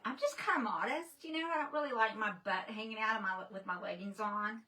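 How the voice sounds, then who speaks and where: A woman's voice: mid-range voice, brisk, pushed and bright. A woman chatting casually on a livestream, greeting viewers by name. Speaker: livestream host. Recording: distant from the mic, faint noise.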